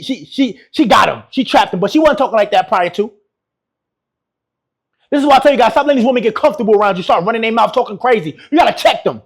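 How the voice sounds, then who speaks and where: A man giving brash, mocking reaction commentary. He laughs often and keeps repeating his insults. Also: extremely high pitch. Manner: laughs often while talking. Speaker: YouTube relationship commentator.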